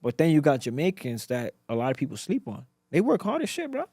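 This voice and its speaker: A man from Africa, a guest entrepreneur in a casual podcast interview, telling stories in a slangy, animated way with lots of repetition. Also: on the high side, quick pace, husky, no room sound, clean studio sound.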